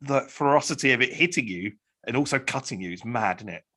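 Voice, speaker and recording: A man in relaxed conversation with a husky, slightly raspy voice. He talks loosely and expressively and swears now and then. His pitch sits in the middle range. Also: brisk. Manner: chatty, expressive, swears casually. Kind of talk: casual chat.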